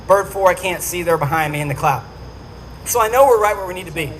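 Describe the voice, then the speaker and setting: Addressing a dinner audience, a man tells his story in a high-pitched, somewhat bright voice, talking fast and animatedly and acting out each quote. A faint hum from the event venue runs beneath him in the low-quality recording.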